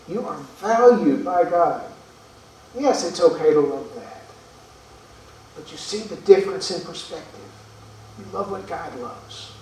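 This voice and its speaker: A male pastor delivers his sermon with earnest rhetorical questions and halting repetitions. His voice sits on the higher side. It reaches us from a distance through heavy room echo over a faint hiss. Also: a little mellow. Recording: echoey room from far off.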